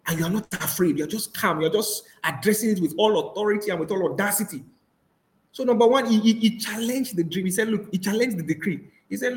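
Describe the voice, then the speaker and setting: Echoey animated male preacher. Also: fairly high pitch, moderate pace. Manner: animated storytelling, acts out quoted voices. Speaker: pastor. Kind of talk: sermon over a voice call.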